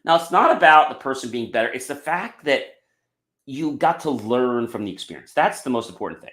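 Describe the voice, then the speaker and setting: A man hosting a podcast and giving a motivational talk, emphatic, often tagging on "okay" and addressing the audience as "ladies and gentlemen.". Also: mid-range voice, big pitch swings, brisk. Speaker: podcast host. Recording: roomy echo.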